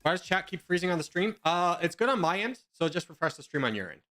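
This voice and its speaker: Young male streamer rambling and joking with chat, slightly high voice, soft music underneath. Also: lively intonation, fast. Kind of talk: casual live-stream chat with viewers. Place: home.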